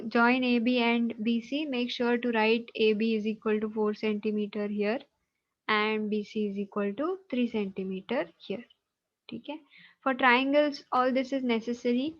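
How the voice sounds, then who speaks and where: Woman, Indian English accent, teacher, online class, patient, fairly high voice, muffled lo-fi call audio. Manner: patient, explanatory, checks understanding with tag questions.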